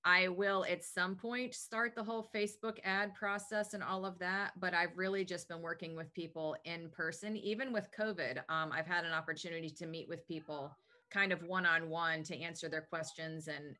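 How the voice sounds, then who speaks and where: A woman's voice: lowish voice, fairly even intonation, moderate pace, sharp tone. A woman being interviewed about her health business, talking in an upbeat, talkative, enthusiastic way. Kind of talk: casual interview answers.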